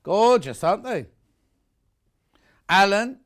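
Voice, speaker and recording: A man's voice: sits high, big pitch swings, slow pace. A man presenting live shopping television, chatting and bantering with his co-workers. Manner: chatty, bantering, chuckling asides.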